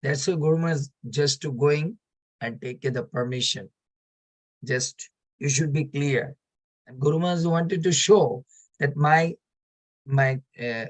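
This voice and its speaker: Animated man telling a devotional story. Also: on the high side, low-quality recording. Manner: animated storyteller, acts out each character's quotes; non-native, broken English phrasing. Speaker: devotional speaker.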